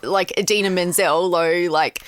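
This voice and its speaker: A woman's voice: lowish voice, steady tone, a little slow, crowd noise. A woman chatting enthusiastically as a podcast host. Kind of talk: casual chat.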